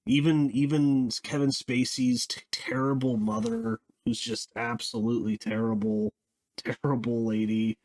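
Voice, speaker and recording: A man giving a casual spoken film review, rambling and halting, with frequent restarts and small laughs. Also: medium pitch, lively intonation, a little mellow.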